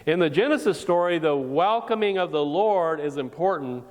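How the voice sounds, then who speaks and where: A woman pastor preaching a sermon and posing rhetorical questions in a deliberate way. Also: lowish voice, animated, darkish tone. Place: church sanctuary. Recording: long reverb of a church hall.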